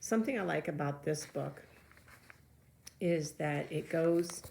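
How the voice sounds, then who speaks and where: A woman's voice: low voice, measured pace, creaky, darkish tone, a little hiss or hum. A woman teacher reading a children's novel aloud to her students, with chatty asides between the passages.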